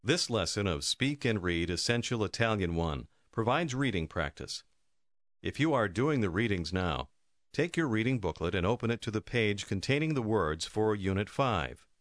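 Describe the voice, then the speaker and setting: A man's voice: on the low side, lively intonation, moderate pace, no room sound, studio quality. A man narrating a recorded language course, giving instructive prompts to the learner. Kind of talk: scripted lesson narration.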